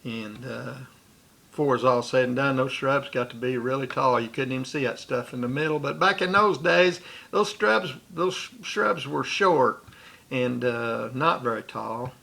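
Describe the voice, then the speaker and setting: A man's voice: medium pitch, measured pace, vocal fry, sharp tone. A man recounting a personal memory in a rambling way, with restarts and asides. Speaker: storyteller.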